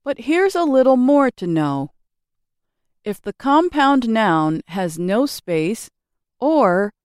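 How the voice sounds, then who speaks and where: A woman teaches an English grammar lesson in a slow, unhurried read. Her voice is smooth and resonant, and her intonation rises and falls a lot. The recording is dry and close. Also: mid-range voice, darkish tone, no echo. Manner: slow, careful, clearly enunciated teaching delivery. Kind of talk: scripted narration of a grammar lesson.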